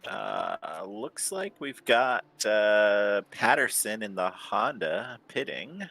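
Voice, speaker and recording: Male commentator, unhurried delivery, bright tone, easygoing. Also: lowish voice, huge pitch swings, vocal fry. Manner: unhurried, easygoing, plugs the channel. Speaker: sim racing commentator. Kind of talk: casual esports race commentary.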